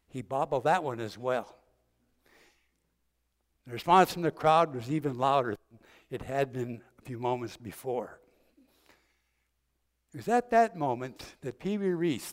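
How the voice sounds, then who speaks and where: An older man preaching a sermon, gently retelling a story with vivid detail and acted-out quotes. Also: medium pitch. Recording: long hall reverb.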